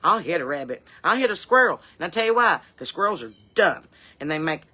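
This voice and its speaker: A woman doing a sassy, chain-smoking middle-aged mom from the hills, with a twang. Her voice is bright and forceful, and she rambles on in folksy, cheeky asides. It is a comedy character monologue. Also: fairly low pitch, big pitch swings, a little fast, exaggerated voice.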